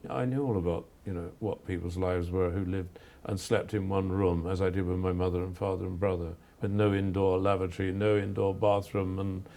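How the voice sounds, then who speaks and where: Gravelly, low-pitched older English man. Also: warm tone. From England. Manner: earnest, measured, with frequent restarts. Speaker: photographer guest. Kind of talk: reflective interview answers.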